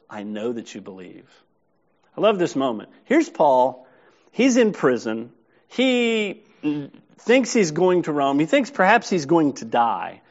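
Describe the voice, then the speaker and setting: A man delivers a sermon in a slightly high voice, reading scripture and then breaking it down in plain talk with check-ins to the listeners. The recording sounds dull and lo-fi. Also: big pitch swings, normal speed. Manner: expository, reads scripture then explains it conversationally. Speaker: pastor.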